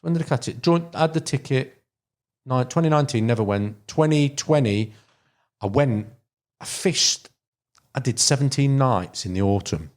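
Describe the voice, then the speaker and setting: A Derbyshire man, guest on a podcast and a carp angler, rambles through long fishing stories in casual conversation, full of fillers and restarts. He has a medium-pitched, animated voice at a normal speed.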